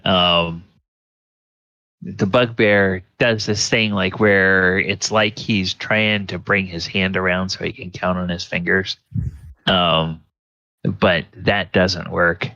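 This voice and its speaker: A man narrating a tabletop game as dungeon master, halting and full of filler words. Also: sits low, little pitch movement, pushed and bright, no room sound. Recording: dull lo-fi sound.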